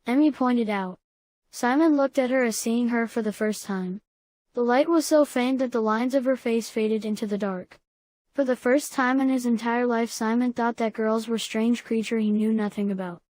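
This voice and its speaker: A woman narrating a storybook in a plain, even reading voice, close to the mic. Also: on the high side, moderate pace, dry recording. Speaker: audiobook narrator.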